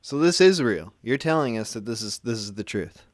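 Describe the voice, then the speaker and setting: A man's voice: mid-range voice, animated, moderate pace, no room sound. A man hosting a call-in show, chatting casually on a close mic and joking with crude, teasing humor. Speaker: host.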